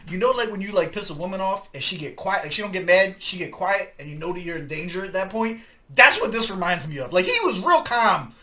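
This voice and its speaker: A man hosts a casual music reaction, his voice high and bright. He talks in an animated, profane way, exclaiming and laughing between thoughts. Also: fairly quick. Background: hip hop track playing.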